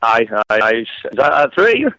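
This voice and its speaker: A man's voice: medium pitch, sing-song, a little fast, bright, forceful tone, dry recording. A man calling in to a phone-in show, easygoing and matey, swearing casually. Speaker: caller. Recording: tinny dry phone line.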